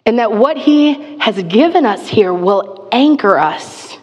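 A woman preaching with a fairly high voice in a candid, chatty way, peppering her teaching with filler words and self-deprecating asides. Her voice carries a long reverb, like a large church hall. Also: animated, slow, a little mellow. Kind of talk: conversational sermon.

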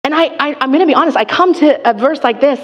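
A woman preaching with a fairly high voice in a candid, chatty way, peppering her teaching with filler words and self-deprecating asides. Her voice carries a long reverb, like a large church hall. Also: fast, dull audio. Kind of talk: conversational sermon.

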